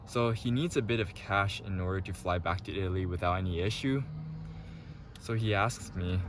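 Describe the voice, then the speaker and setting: A man's voice: sits low, moderate pace. A man casually telling a personal story to camera outdoors by a city street, chatty and full of filler words. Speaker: vlogger. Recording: noisy outdoor street traffic. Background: passing cars.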